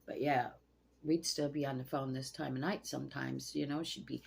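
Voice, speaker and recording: Gravelly voice in its sixties. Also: mid-range voice, fairly even intonation, normal speed. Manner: rambling, profane and emotional. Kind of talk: late-night personal storytelling.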